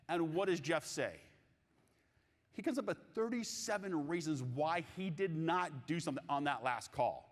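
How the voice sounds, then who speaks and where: Man, keynote speaker, lively pitch swings, long hall reverb. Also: moderate pace. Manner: animated, jokey, asks audience questions. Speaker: keynote speaker on sales coaching. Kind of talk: live conference keynote.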